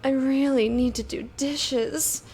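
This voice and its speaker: A sultry female hotline operator purring slowly and breathily, teasing the listener, as a woman puts her on. The voice sits a little high and the delivery is unhurried. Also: steady tone, darkish tone.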